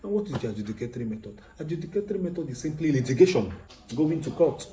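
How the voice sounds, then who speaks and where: Man lecturing in a mellow, echoey voice. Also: on the high side, very animated, fast talker, slight background noise. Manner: explanatory, repeats points, asks rhetorical questions. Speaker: law lecturer. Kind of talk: recorded lecture.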